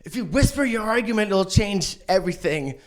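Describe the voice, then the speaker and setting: Manic man with a lively voice. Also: a little fast. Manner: manic, swearing, acts out quotes in a shrill voice. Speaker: stand-up comedian. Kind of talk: stand-up set. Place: online streamed show.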